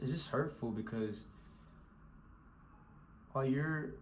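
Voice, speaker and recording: A man's voice: medium pitch, moderate pace, pauses often, slight background noise, low-quality recording. A man giving a scolding, emphatic motivational rant, repeating himself and calling the listener bro. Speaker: motivational speaker.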